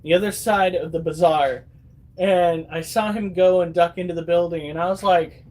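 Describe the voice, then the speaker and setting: A man's voice: sits high, fairly even intonation, normal speed, a little mellow. A man in his thirties vlogging at home, telling stories to his viewers in a chatty, swearing, casual way. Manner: chatty, swears freely, acts out quotes.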